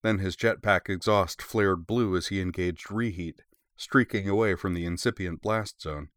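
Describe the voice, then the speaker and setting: Male storyteller with a very low voice, measured and steady, dry close sound. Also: no room sound. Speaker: audiobook narrator. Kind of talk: scripted narration.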